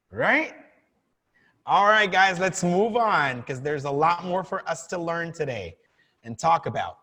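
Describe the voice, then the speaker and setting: A man's voice: fairly high pitch, animated, unhurried, bright, forceful tone. A man teaching a live online English class, encouraging and drilling pronunciation with his students. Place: room with lighting setup, filmed on laptop. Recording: reverberant room.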